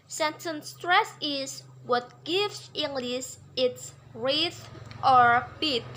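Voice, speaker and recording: Slow, high-voiced woman teaching. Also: pushed and bright. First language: Indonesian. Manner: slow, careful reading with fillers and repeated words. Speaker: English teacher. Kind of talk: reading lecture notes.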